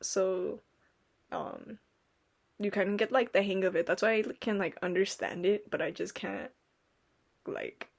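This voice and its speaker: With a gravelly mid-range voice, she talks unhurriedly and leaves long pauses. She's a young podcast co-host in casual conversation, telling meandering stories packed with "like" and "um" while acting out what people said.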